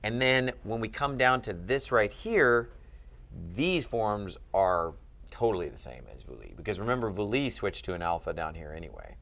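A man's voice: fairly low pitch, lively intonation, moderate pace, a bit bright. A man tutoring a student in Greek grammar, patient and asking leading questions. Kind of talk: one-on-one grammar lesson.

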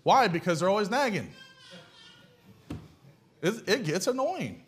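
Male preacher, high voice, folksy and blunt, pounds points home with rhetorical questions. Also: sing-song, a little slow, a bit bright, slight background noise. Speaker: pastor. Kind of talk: sermon.

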